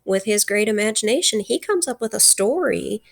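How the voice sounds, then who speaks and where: A woman teacher retells a chapter for her class in a loose, chatty way. She fills her talk with "um" and "like" and slips into acting out dialogue, at a middling pitch. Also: expressive, moderate pace, creaky. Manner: chatty, full of fillers, acts out dialogue. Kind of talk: retelling and explaining a novel chapter.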